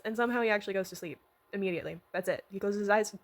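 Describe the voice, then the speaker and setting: A woman vlogger recapping a miniseries in a casual, rambling way, excitable and swearing freely. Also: medium pitch, very fast.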